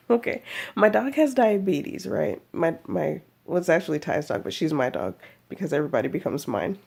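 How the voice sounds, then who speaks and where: A woman's voice: fairly low pitch, gravelly, darkish tone, husky. A woman giving a chatty, rambling personal video update, laughing often as she talks. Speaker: vlogger.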